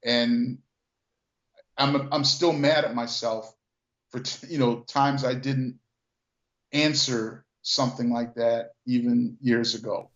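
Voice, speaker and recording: A man's voice: mid-range voice, steady tone, takes it slowly. Older man, echoey lo-fi sound. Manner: reflective, restarts and repeats words, many "you know" fillers. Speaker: guest, former car dealer. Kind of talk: casual storytelling conversation.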